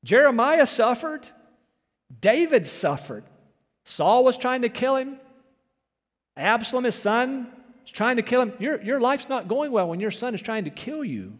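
High-voiced preacher in a reverberant hall. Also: male voice, animated, unhurried. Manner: earnest, emphatic preaching with rhetorical questions. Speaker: pastor. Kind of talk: sermon.

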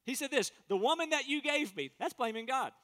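A man's voice: very high voice, animated, a little fast, pushed and bright. A man preaching a sermon as pastor, earnest and emphatic, acting out quotes in different voices. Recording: long hall reverb.

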